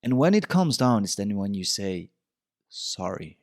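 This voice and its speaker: A man's voice: on the low side, big pitch swings, moderate pace, darkish tone, no room sound, clean studio sound. A man hosting a podcast, giving relationship advice in a reflective, casual monologue and often repeating himself. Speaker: podcast host.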